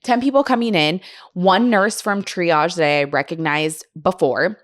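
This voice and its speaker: A young woman hosts a podcast and tells a story in a loose, chatty way. Her voice sits a little low, and she acts out the other people's voices. She laughs often as she talks. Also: unhurried. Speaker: podcast host. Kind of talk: casual storytelling chat.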